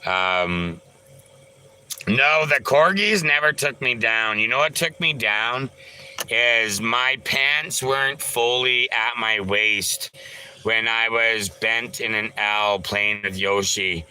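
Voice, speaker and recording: A man chats with his viewers on a live stream, taking his time over each thought. His voice is very bright and a little tense, and his talk rambles loosely with filler sounds and casual swearing. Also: medium pitch, slow pace, clear, resonant tone, poor audio. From Canada. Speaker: livestreamer.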